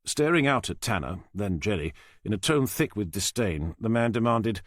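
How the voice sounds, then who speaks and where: A man narrating a crime thriller audiobook in a measured, expressive storytelling way. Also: fairly low pitch, no room sound, clean studio sound. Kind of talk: scripted narration.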